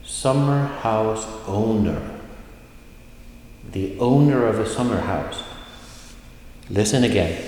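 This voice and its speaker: A man teaching a recorded language lesson, explaining slowly and carefully and drawing out his model words. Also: on the low side, darkish tone, heavy reverb, long reverb tail, slight background noise, low-quality recording.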